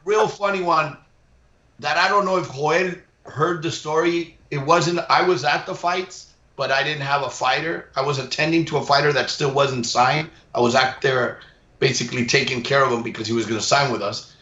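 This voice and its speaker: A man with a slightly high voice, chatting casually and chuckling through his stories while mixing in Spanish. The room sounds echoey and the audio is dull and lo-fi. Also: fairly even intonation, normal speed, sharp tone. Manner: chuckling, trades anecdotes in English and Spanish. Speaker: co-host. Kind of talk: casual chat.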